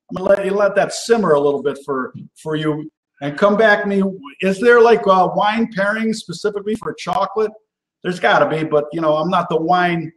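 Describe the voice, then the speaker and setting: A man's voice: high voice, reverberant, slight background noise. A man hosting a live cooking show in casual, chatty talk. He keeps tagging his points with "all right?" and gets worked up as he goes. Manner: enthusiastic and animated, gets worked up. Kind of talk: casual live-stream chat.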